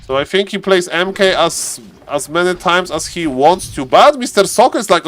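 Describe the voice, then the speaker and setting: A man's voice: high-pitched, animated, normal speed, hardly any pauses, fairly bright tone. A man casually commentating a live strategy game, chatting to viewers and players as he goes. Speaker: esports caster.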